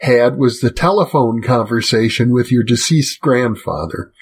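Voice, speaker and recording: A man interviewing a guest, prompting her with measured, summarizing questions. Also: medium pitch, husky.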